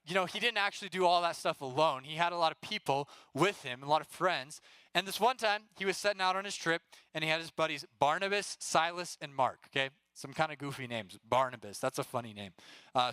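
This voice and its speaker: A young man speaking as a youth pastor, giving a casual, animated talk to students. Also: a little high, clean tone, no echo.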